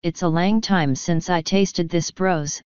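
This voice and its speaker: Woman as old voiced clan mother, stern, slow, dull lo-fi sound. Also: on the low side, steady tone, darkish tone, smooth, no room sound. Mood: commanding. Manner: slow, commanding, canny. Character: ancient tiny Scottish-voiced fairy clan mother, stern.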